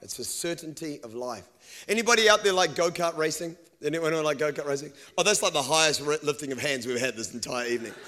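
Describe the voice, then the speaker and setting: Male preacher, high voice, animated and funny, live sermon with sound effects. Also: fast. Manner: animated storytelling with humor. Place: room with a live congregation.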